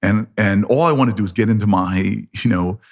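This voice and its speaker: With a lowish voice and brisk pace, an American man in his fifties, a politician guest, animatedly tells a long story and acts out both sides of the conversations.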